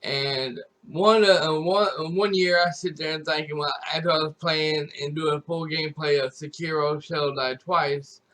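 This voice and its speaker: A man's voice: fairly high pitch, steady tone, moderate pace, few pauses, fairly bright tone. A man telling a story to his viewers in a casual, rambling way, restarting and repeating his phrases. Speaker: gaming YouTuber and streamer.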